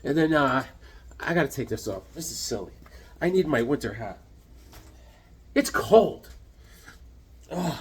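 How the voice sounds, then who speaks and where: A man's voice: medium pitch, lively intonation, brisk. A man chatting casually in a vlog, rambling and joking as he shows off his comic collection at home. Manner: rambling, jokey, loose.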